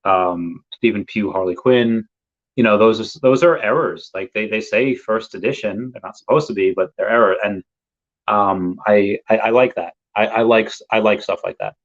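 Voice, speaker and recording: A man's voice: lowish voice, normal speed. A man hosting a live podcast, chatting casually and rambling with many fillers as he reads comments. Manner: rambling, laid-back, lots of fillers. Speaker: podcast host. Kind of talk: casual live-stream chat. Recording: dull lo-fi stream audio.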